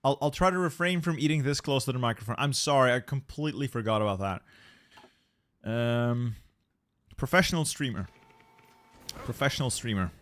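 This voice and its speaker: A young adult man streaming a strategy game, thinking aloud in a relaxed way and repeating words as he plans his moves. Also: mid-range voice, brisk, clean tone.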